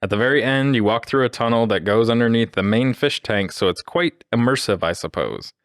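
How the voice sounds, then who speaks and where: A man co-hosting a podcast, reading a story aloud in a dry, measured way. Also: mid-range voice, no room sound. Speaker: podcast co-host reading stories.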